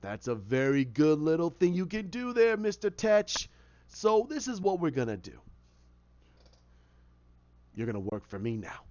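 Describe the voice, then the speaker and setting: A man voicing a ruthless male crime boss who speaks low and unhurried. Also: very animated, darkish tone, no echo. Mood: threatening. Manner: low, unhurried, coolly threatening. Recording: dull lo-fi dry recording.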